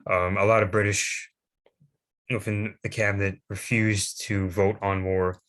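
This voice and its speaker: Deep-voiced young man giving a halting presentation. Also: flat delivery, fairly bright tone. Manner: halting, many fillers and restarts. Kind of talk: unscripted history presentation with slides.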